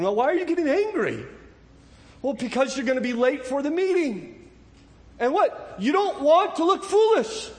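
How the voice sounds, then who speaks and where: A man preaching a sermon as pastor, earnest and animated, asking rhetorical questions of his listeners. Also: sits high, big-room sound.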